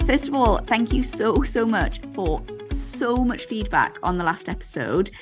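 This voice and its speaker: A woman's voice: mid-range voice, expressive, unhurried, over music. A woman co-hosting a podcast, chatting casually with plenty of fillers and the odd swear word. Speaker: podcast co-host. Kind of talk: casual chat.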